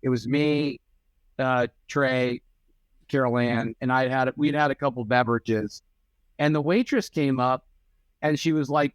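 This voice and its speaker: A man's voice: medium pitch, steady tone, a little slow, clear, resonant tone, no echo. Playful young man, dry close sound. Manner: playful riffing, acting out imagined conversations. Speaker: podcast co-host. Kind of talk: casual chat.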